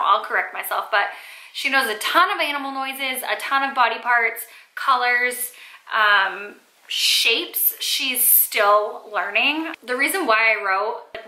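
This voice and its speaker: A woman's voice: mid-range voice, bright, forceful tone. A young woman, a mother, chatting casually to camera with lots of "like" and "um" fillers. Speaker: mom vlogger. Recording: echoey room.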